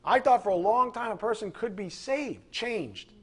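A middle-aged man preaching a fiery sermon to a class, building to angry shouting. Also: high-pitched, lively intonation, moderate pace, slightly rough. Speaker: preacher teaching a Bible class.

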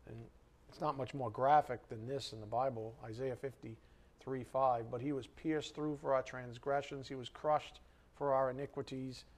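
A man's voice: mid-range voice, steady tone, moderate pace, darkish tone. A male pastor preaching a sermon to his congregation in a church hall, firing questions at them and rising sharply when worked up.

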